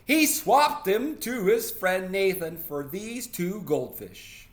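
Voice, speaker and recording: A man's voice: high voice, very animated, takes it slowly, voice pushed up, heavily acted. A man voicing a tattling little sister in a read-aloud storybook. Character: tattling little girl, smug younger sister.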